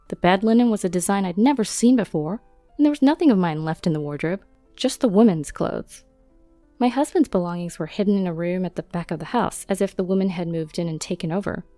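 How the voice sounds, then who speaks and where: A woman narrating her own story in the first person in a steady, matter-of-fact way. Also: lowish voice, no echo.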